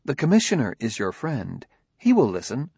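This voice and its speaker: A man voicing a calm, formal humanoid robot. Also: medium pitch, moderate pace, vocal fry, breathy edge, no room sound, heavily acted. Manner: even, formal, precise speech. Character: calm, logical male humanoid robot detective partner. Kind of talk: audiobook dialogue reading.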